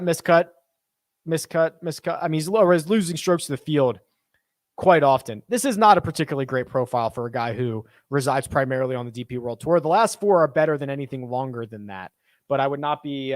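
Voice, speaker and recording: A man's voice: on the high side, no echo, clean studio sound. A man hosting a casual live-stream chat, thinking aloud and answering viewer questions. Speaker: host.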